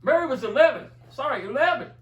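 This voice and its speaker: A man with a high voice tells a heated, profane story in casual chat. He sits some way back from the mic. The room echoes around him. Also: expressive, fast talker, fairly bright tone, distant mic, highs cut off. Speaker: video commentator.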